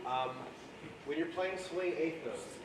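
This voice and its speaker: A man coaching a school jazz band, explaining breathing and swing eighth notes and singing the rhythms aloud. He is picked up from well away from the mic in an echoey room. Steady background noise sits under his voice. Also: on the high side, slow, distant mic. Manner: sings swing syllables and counts off the band. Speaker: jazz clinician.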